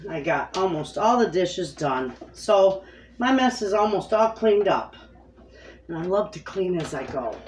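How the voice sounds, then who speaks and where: A woman's voice: on the low side, lively intonation, a little slow, reverberant, a little hiss or hum. A woman hosting a homestead baking vlog, chatting casually and talking straight to her viewers from her kitchen. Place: home kitchen.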